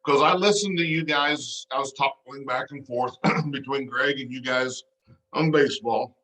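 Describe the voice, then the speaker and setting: A man's voice: mid-range voice, normal speed, bright, forceful tone, low-quality recording. A man co-hosting a sports podcast, teasing his guest in casual chat. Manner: teasing, jokey.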